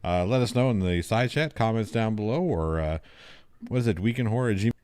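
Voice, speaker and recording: A man's voice: on the low side, a little fast, a little mellow, clean tone. A man co-hosting a horror podcast, steering the talk and making dry, joking asides in casual banter. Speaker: podcast co-host.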